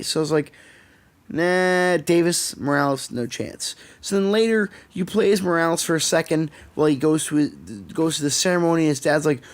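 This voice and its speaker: A young man with a Canadian accent, ranting sarcastically and swearing often as a podcast co-host. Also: on the high side. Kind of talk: casual chat. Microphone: podcast microphone.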